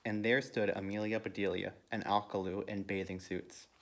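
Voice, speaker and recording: Volunteer reader, male, somewhat low voice, storybook read-aloud that perks up for quoted lines. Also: flat delivery, moderate pace, creaky. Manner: lifts pitch and volume for character quotes. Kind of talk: reading a children's picture book aloud.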